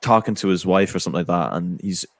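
Young man, low-pitched, jokey group chatter, dry sound. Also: fast talker, dry recording. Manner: animated, jokey, laughs a lot. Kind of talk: casual group chat.

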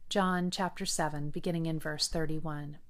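A woman reading scripture aloud at a steady, measured pace, with short remarks between passages. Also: low voice. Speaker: Bible reader. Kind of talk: Bible reading with short commentary.

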